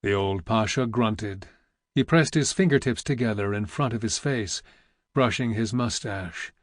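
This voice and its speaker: A man narrating a historical novel in a measured, even storytelling voice into a close studio mic. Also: on the low side, dry recording. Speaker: audiobook narrator. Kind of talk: scripted narration.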